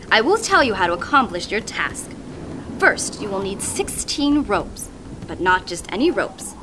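A woman's voice: on the high side, bright, forceful tone, a little hiss or hum, exaggerated voice. A woman voicing a stern old blind grandmother who barks questions and gives instructions. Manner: commanding, demanding questions.

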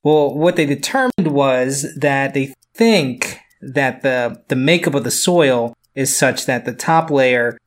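A man's voice: medium pitch, takes it slowly, hardly any pauses. Rambling man co-hosting news chat. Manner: loose, rambling explanations with fillers. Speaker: podcast co-host.

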